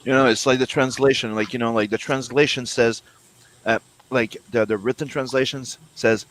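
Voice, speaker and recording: A man's voice: mid-range voice, fairly even intonation, normal speed, a bit bright, rough recording. A man chatting casually with friends, rambling and swearing, with lots of fillers and restarts. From Canada. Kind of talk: casual chat among friends.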